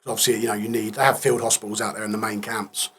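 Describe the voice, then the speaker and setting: A man's voice: lowish voice, little pitch movement, very fast, fairly bright tone, a little hiss or hum. A man in his thirties, a podcast guest, recounting a war injury in plain-spoken, subdued casual talk that trails off in places.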